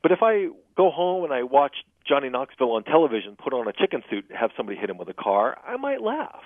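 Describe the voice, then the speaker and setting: Lively man on a tinny phone line. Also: medium pitch, fast, no room sound. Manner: animated explainer, tells jokes and laughs at them. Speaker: guest humor expert. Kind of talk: radio interview by phone.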